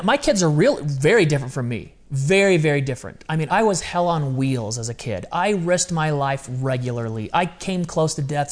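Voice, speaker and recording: A man in his forties with a slightly higher voice talks in a candid, confessional way on a podcast. He speaks earnestly and often rushes through phrases in quick bursts. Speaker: podcast co-host. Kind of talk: candid conversational podcast talk.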